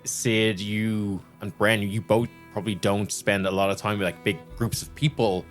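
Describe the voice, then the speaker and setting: A man's voice: fairly low pitch, little pitch movement, moderate pace, soft background music. A man acting as game master for a tabletop game. He narrates and calls for rolls in a loose, chatty manner, with plenty of filler words.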